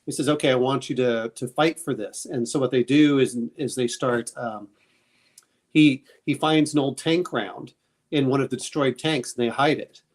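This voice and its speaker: Guy chatting casually, rambles a lot, lots of ums and restarts, middle pitch. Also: normal speed. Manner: rambling, many fillers and restarts. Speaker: podcast host. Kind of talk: casual chat.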